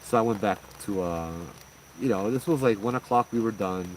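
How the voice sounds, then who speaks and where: A man with a Hawaiian Pidgin-tinged accent tells a ghost story in a loose, animated, slangy way, full of "I'm like" asides. His voice sits on the lower side. A faint hiss of noise runs underneath. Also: moderate pace, poor audio. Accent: Hawaiian Pidgin-tinged English. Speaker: host telling ghost stories. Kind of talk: casual spoken storytelling.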